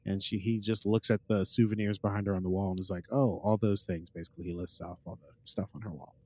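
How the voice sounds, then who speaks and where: A man's voice: sits low, fairly even intonation, fast talker, a little mellow, dry recording. Rambling man recapping an episode. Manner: rambling, fills gaps with uh and like, quotes characters. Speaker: podcast host.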